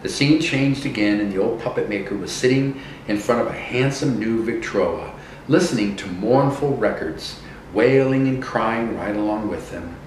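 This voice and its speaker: A man's voice: fairly low pitch, normal speed. Man reading a story in an echoey room. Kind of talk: reading a horror story aloud. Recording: echoey room from a distance with faint noise.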